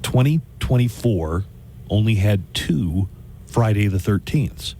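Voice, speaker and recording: Chatty lower-voiced male radio host. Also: animated, slow pace, dark tone, a little hiss or hum. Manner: chatty, jokey, rambling asides. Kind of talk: casual on-air chat. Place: radio studio. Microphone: studio microphone.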